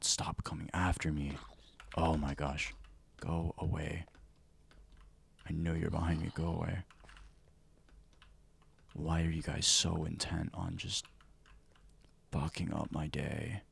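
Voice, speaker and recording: A man streaming a survival game as ASMR, whispering and speaking softly into a close mic, now and then flaring up in frustration, with keyboard and mouse clicks behind him. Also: rumbling low, gravelly, husky. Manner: mostly whispered and soft, flaring into loud frustration. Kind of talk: ASMR gameplay livestream commentary.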